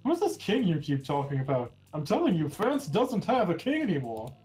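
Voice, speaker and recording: A man's voice: fairly high pitch, huge pitch swings, moderate pace, a little mellow, soft background music, rough recording. A man putting on a pompous ancient vampire. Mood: exasperated. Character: snobby male vampire, centuries old. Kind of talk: video game voice-over reading.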